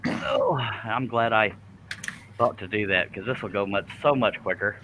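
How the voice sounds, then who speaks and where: A man runs a live stream while cutting at a scroll saw, joking around in a folksy way and laughing a lot as he chats. His voice is lowish and fairly bright at a normal pace, and the rough recording carries a little hiss or hum.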